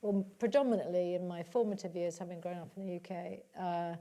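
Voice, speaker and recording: This British-accented woman is a guest in an onstage literary conversation with audience questions, speaking a little fast in a lowish, mellow voice with fairly even intonation. She hesitates a lot, with frequent restarts and fillers.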